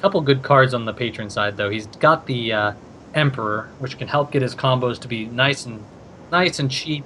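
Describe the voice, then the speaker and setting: A man's voice: medium pitch, moderate pace, fairly bright tone, a little hiss or hum. A man casting a card game tournament, talking through each play with plenty of thinking-aloud fillers. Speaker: esports caster.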